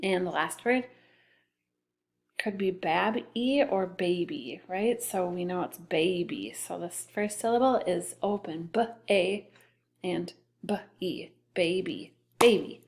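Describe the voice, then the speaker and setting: Slow, patient woman teaching second graders. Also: fairly low pitch. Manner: slow, patient, sounds words out letter by letter. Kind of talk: recorded classroom phonics lesson.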